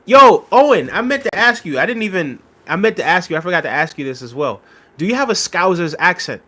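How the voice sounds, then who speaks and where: Man, live-stream host, casual chat, reads out viewer comments, friendly, slightly high-pitched. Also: very animated, fairly quick, bright, forceful tone. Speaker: livestream host reading chat.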